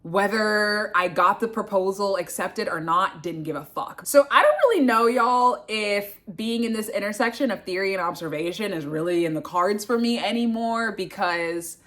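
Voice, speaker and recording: A young woman telling a casual storytime vlog, animated and swearing, acting out what others said. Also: mid-range voice, moderate pace, few pauses. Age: young adult. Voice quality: expressive, swearing, acts out voices of others. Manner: animated retelling, swings between loud and hushed. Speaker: vlogger, grad student.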